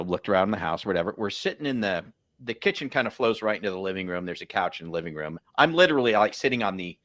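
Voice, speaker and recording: A man who works as a loan officer, telling a story in a casual, animated way and acting out what people said. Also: fairly low pitch, no room sound, clean studio sound. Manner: animated storyteller, acts out quotes.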